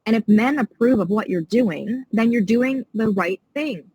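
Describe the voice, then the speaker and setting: A woman's voice: a little high, measured pace, darkish tone, slightly rough, dry recording, rough recording. A woman guest on a podcast, talking in a passionate, indignant and emphatic way in a casual interview.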